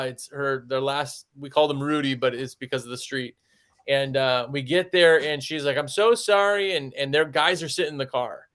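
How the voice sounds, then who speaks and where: A man's voice: mid-range voice, fairly bright tone, smooth. A man who runs a window cleaning business, chatting casually on a podcast and telling stories with lots of "like". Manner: chatty storyteller, heavy use of "like".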